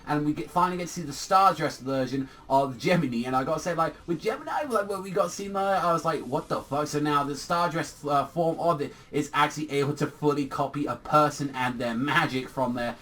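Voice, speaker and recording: Rambling guy ranting about a manga chapter, kinda high voice, mic a bit far off. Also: brisk, hardly any pauses, a bit bright. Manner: rambling and profane, heavy filler "like". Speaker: anime and manga reviewer. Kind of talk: casual chapter review.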